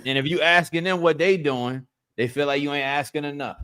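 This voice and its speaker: A man's voice: a little high, fairly quick, a bit bright, clean tone. Laid-back man chatting on a livestream. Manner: laid-back, laughs often, talks to chat. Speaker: livestream host making sales calls. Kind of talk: casual livestream chat.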